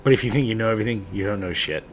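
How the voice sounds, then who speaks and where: A man's voice: fairly low pitch, very fast, soft background music. A man in his late thirties, a father giving heartfelt, earnest advice to other dads, sometimes blunt and swearing. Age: 30s. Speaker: father vlogger. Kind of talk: heartfelt personal monologue.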